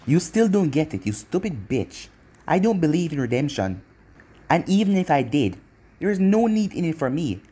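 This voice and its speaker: A reader voicing a cruel young male ninja villain in a fan fiction story, with a taunting, mocking husky delivery. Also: medium pitch, big pitch swings, moderate pace, warm tone. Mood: cold.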